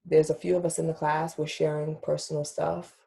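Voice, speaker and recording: A woman's voice: deep voice, little pitch movement, a little fast, creaky, warm tone. A young adult woman hosting a podcast, telling a personal story in casual chat, candid and emotional, swearing freely and talking straight to her listeners. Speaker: podcast host.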